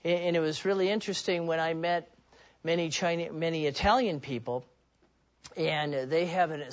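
A man's voice: on the high side, lo-fi sound. A man preaching a sermon in an earnest, personal way, often restarting and repeating words.

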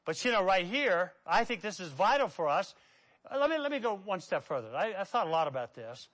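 High-voiced preacher, dramatic swings. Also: male voice. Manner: rises to loud emphatic peaks, then drops low and quiet; repetitive preaching cadence. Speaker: pastor. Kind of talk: sermon.

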